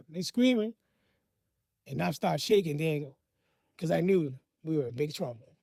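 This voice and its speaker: High-voiced man telling a personal story. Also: vocal fry, no echo, clean studio sound. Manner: animated, vivid, dramatic pauses.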